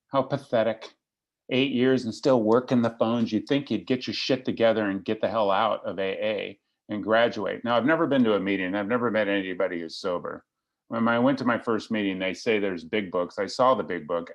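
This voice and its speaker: Gravelly, wry middle-aged man telling his story. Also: fairly low pitch, normal speed. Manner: wry, self-deprecating, joking storyteller. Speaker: recovery meeting speaker. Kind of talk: personal recovery story told to a meeting. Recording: slightly lo-fi recording.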